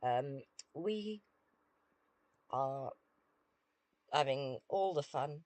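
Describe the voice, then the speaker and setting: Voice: mid-range voice, animated, drawn-out words, a little mellow, no echo. A British streamer chatting casually with viewers while playing a game, dry and self-deprecating.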